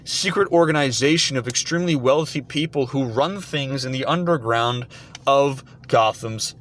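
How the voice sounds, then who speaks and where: A man's voice: medium pitch, normal speed, a bit bright. A man delivering an indignant, sarcastic commentary rant. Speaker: commentary vlogger. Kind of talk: ranting commentary.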